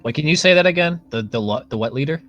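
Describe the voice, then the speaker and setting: A man's voice: on the high side, lively intonation, a bit bright, muffled recording. A man playing a tabletop game, talking casually, often flustered and apologetic. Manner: flustered, apologetic, quick to complain. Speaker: player.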